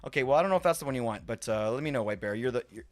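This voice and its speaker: A man's voice: medium pitch, lively intonation, racing, soft background music. A man live-streaming a game in casual chat who rambles, repeats himself and swears offhand.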